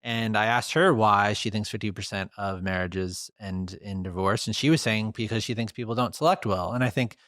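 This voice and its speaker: A man's voice: on the low side, normal speed, few pauses, fairly bright tone, no echo, clean studio sound. A man hosting a podcast, posing questions in a casual, probing way. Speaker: podcast host.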